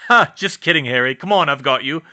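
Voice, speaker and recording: A cocky, teasing adult wizard, read by a man, bantering with a grin even mid-fight. His voice is bright and lively. Audiobook fantasy storytelling. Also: a little high, a little fast.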